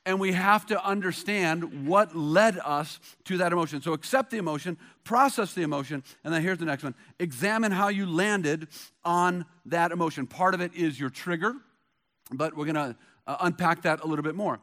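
High-voiced man preaching a sermon. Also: moderate pace, a bit bright. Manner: conversational storytelling with bursts of emphasis. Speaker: pastor.

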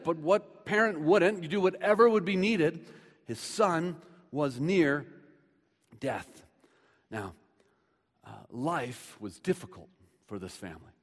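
Brief: fairly high-voiced male pastor, chatty sermon delivery, big-hall reverb. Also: lively intonation, a little slow, pauses often. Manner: conversational preaching, swings from loud to hushed.

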